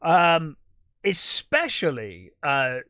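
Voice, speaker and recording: A man's voice: fairly high pitch, wildly swooping pitch, extremely slow, sharp tone, no echo. Exasperated man reviewing films, dry sound. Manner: exasperated, bluntly critical; rambling, restarts mid-sentence. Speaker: podcast co-host, film reviewer. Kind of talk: casual movie review chat.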